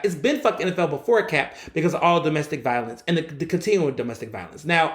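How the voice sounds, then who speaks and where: Male podcast host, solo commentary, blunt ranting, swears freely, slightly high voice. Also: fairly bright tone, roomy sound. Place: recording in Philadelphia.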